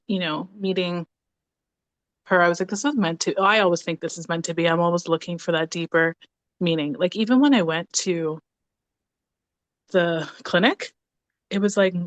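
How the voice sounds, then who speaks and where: Woman in her 30s, lively storyteller, plays out the dialogue, dry close sound. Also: on the low side, no echo. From Canada (Ontario). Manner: animated, acts out quoted dialogue. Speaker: podcast guest. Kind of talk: casual storytelling conversation.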